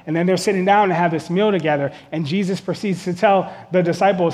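A man's voice: sits high, fast talker, hardly any pauses, darkish tone. A male pastor preaching an earnest sermon, repeating key lines for emphasis. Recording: long hall reverb.

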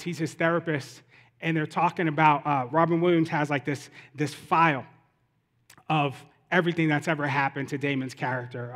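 A man preaching a sermon as pastor, talking in a conversational way that builds into impassioned preaching. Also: fairly high pitch. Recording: long hall reverb.

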